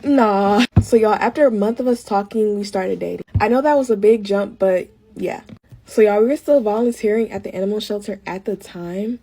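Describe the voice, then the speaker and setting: A woman's voice: medium pitch, brisk, dark tone, husky, soft background music. A young woman chatting casually to her viewers as she tells a storytime while doing her makeup. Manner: chatty, keeps addressing viewers as y'all. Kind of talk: casual get-ready-with-me storytime.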